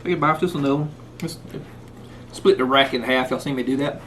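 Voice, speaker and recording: Talking fast in a medium-pitched, fairly bright voice, the man runs a casual cooking vlog with a folksy manner and sometimes food in his mouth. The clip moves from rainy outdoors to indoors, with slight background noise.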